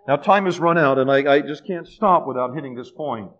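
A middle-aged man preaching a sermon with fervent, repetitive phrasing, often sinking to a hush. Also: a little high, brisk. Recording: dull lo-fi sermon recording.

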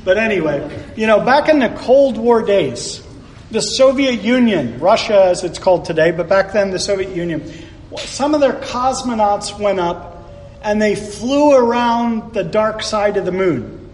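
A man's voice: sits high, lively intonation, a little slow, darkish tone, a little hiss or hum. A male preacher giving a sermon in a conversational way, with jokey asides. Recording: echoey hall from far off, faint ambience.

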